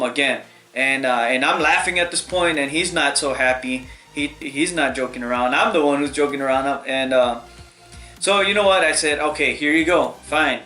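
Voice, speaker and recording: A young man with a bright, forceful voice, sitting higher than most men, tells a school story in a loose, rambling way and drops into the voices of the people in it. His voice rings in an echoey room, with faint music under it. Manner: rambling, animated retelling with quoted voices. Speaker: vlogger. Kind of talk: casual storytime.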